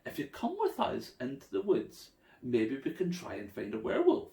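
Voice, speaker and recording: A man's voice: on the high side, huge pitch swings, moderate pace, vocal fry, dark tone, heavily acted. Eager storybook children, as a man puts them on. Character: group of eager young children. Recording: echoey room.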